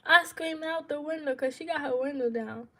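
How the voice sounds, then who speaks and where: A woman's voice: high-pitched, moderate pace. A young woman vlogger telling a personal story in casual, slangy speech, dramatic and full of laughs.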